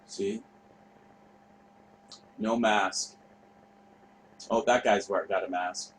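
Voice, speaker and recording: A man's voice: on the low side, fairly even intonation, extremely slow, slight background noise, low-quality recording. A man hosting a show, talking casually and off the cuff over footage. He rambles, trails off, and swears freely. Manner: rambling, profane, offhand. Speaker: show host.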